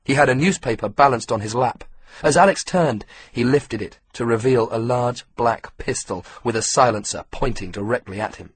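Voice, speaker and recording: A man narrating an audiobook in a steady, measured storytelling manner. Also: mid-range voice, a little hiss or hum. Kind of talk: scripted narration.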